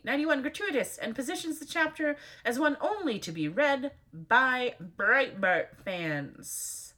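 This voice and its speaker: A woman's voice: high-pitched, lively intonation, unhurried, few pauses, pushed and bright. A woman reading out a list of numbered editor's notes, breaking in with dry, sarcastic asides. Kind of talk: reading aloud with wry asides.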